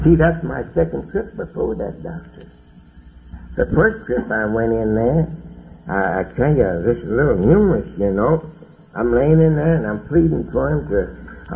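Gravelly middle-aged man telling his story. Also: medium pitch, animated, moderate pace. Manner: plainspoken, folksy storytelling with dialect grammar. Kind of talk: personal testimony talk. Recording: dull lo-fi recording with faint hiss.

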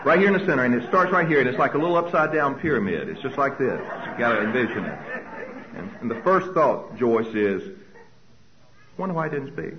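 Animated man telling a story to an audience. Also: mid-range voice, fast talker, highs cut off, a crowd in the background. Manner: animated, acts out his own anxious thoughts. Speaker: speaker.

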